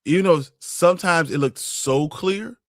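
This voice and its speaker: A man's voice: on the high side, unhurried, no room sound, clean studio sound. A man co-hosting a casual movie podcast, laid-back and blunt. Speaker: podcast co-host.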